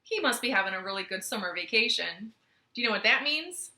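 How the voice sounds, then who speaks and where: A woman's voice: medium pitch, animated, a little fast, pushed and bright, echoey room. A young woman leading a children's storytime from her living room, playful and sing-song as she talks to the kids.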